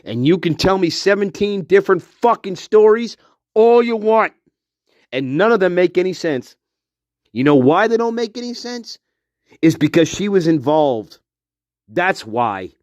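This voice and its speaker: A man's voice: a little high, a little mellow, no echo. A man giving a profane, repetitive, accusatory rant as a true-crime commentator, recorded on a dull lo-fi track. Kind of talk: angry solo rant to camera.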